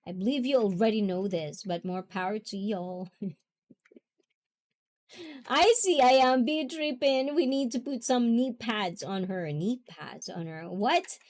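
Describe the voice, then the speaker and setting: A woman's voice: medium pitch, animated, normal speed, darkish tone. A woman hosting a casual livestream, chatting with viewers, reading their comments aloud and often giggling. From half Japanese, half Filipina. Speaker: livestream host.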